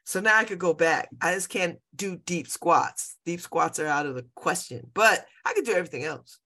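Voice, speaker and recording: A woman's voice: fairly low pitch, lively intonation, moderate pace, pushed and bright. A woman in her fifties hosting a show, chatting casually and rambling, often laughing and repeating herself. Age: 50s. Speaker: show host. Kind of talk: casual personal chat.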